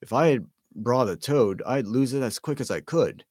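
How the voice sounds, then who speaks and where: Chatty, grumbling young wizard boy read by a man, bouncy pitch. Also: expressive, normal speed, darkish tone, slightly rough, no echo, studio quality.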